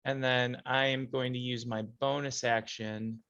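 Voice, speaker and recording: A man's voice: medium pitch, flat delivery, measured pace, vocal fry, fairly bright tone, highs cut off. A man playing a tabletop game, thinking aloud and planning his moves step by step. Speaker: player.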